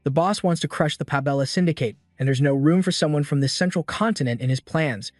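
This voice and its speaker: Guy voicing a threatening male assassin, low menacing delivery, faint music behind. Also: a little fast, a little mellow, no echo, studio quality, close to an everyday voice.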